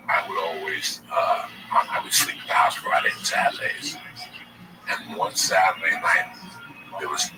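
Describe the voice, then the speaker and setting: A man in his forties telling a long personal story as a guest, casual and profane, with animated delivery. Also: sits low. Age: 40s. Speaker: comedian guest. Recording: distant mic with loud background noise.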